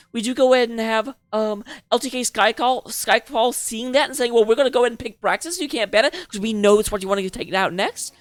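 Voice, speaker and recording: A woman's voice: a little high, no room sound. A woman casting a live esports match as its host, chatty and playful, joking between the picks. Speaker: esports caster.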